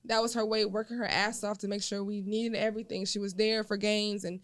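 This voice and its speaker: A woman's voice: mid-range voice, fairly quick. A young woman, a podcast guest, chatting casually and telling stories animatedly, acting out what people said. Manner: animated storyteller, acting out quotes.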